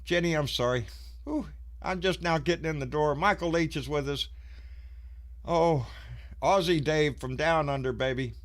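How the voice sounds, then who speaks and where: A man's voice: a little high, normal speed, long pauses. A man, out of breath, hosting a casual live stream and greeting viewers in a folksy, swearing way. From Texas.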